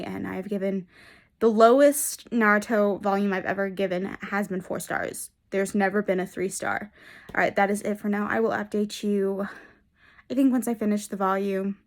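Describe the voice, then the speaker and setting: A young woman talks to camera in a casual book vlog. Her voice sits at an ordinary middle pitch. She gushes with enthusiasm, rambling and restarting her sentences. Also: fairly even intonation, normal speed. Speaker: book vlogger. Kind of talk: casual reading vlog chat.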